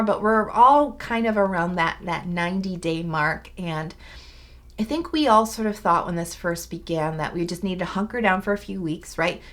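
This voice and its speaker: A woman's voice: mid-range voice, a bit bright. A young woman talking through her morning skincare routine at home in a chatty, rambling vlog, full of fillers. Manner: bubbly, rambling, lots of fillers. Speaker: beauty vlogger. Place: home, indoors.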